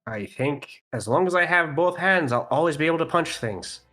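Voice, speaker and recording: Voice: mid-range voice, expressive, moderate pace, a bit bright, faint music behind. A player in a tabletop game, speaking in an easygoing, amused way.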